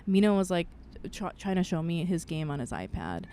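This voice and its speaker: Woman, thirties, low-pitched, podcast co-host, casual storytelling, candid, swears freely. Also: big pitch swings, a little fast, warm tone, a little hiss or hum. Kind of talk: casual chat, personal storytelling.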